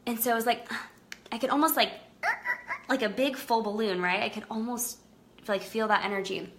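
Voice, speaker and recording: A woman's voice: fairly high pitch, steady tone, moderate pace, fairly bright tone. A young woman in a casual, earnest livestream talk about her psychic business, full of "like" and "um" fillers. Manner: chatty, earnest, lots of "like" and "um" fillers. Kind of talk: casual Facebook Live talk.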